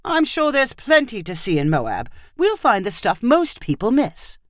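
A woman's voice: fairly high pitch, wildly swooping pitch, measured pace, dry recording, voice pushed up. Woman doing a stubborn worn-out dad, clipped and dug in, dry close mic. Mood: determined. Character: stubborn, frazzled British husband and father.

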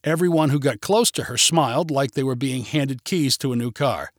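A man reading a humorous short story aloud with expressive, lively delivery. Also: medium pitch, normal speed, no echo, studio quality.

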